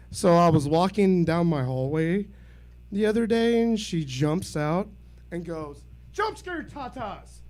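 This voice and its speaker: Slow and high-voiced, a thirty-something comedian performs an open-mic set at a small comedy club, standing at the mic. He plays it deadpan, pokes fun at himself, and lets out little chuckles at his own material.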